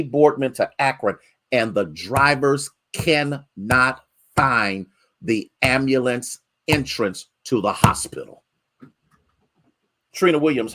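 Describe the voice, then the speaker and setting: In a church sanctuary, a pastor delivers his sermon in a fairly bright tone, shifting from rising, drawn-out exhortations to low, quick storytelling and greeting congregation members by name.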